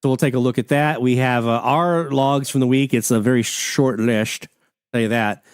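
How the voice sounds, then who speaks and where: Reading out listener messages in a folksy manner, a radio hobby show host chats casually and with enthusiasm on a live stream. He speaks at a normal speed in a smooth, medium-pitched voice, recorded dry at studio quality.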